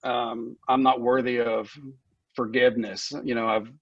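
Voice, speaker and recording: Man, podcast guest, candid and profane, husky voice, dry dull lo-fi audio. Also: medium pitch, flat delivery, measured pace, no room sound. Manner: frank and profane, laughs often, gets emotional. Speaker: guest, recovery center founder. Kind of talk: candid conversational storytelling.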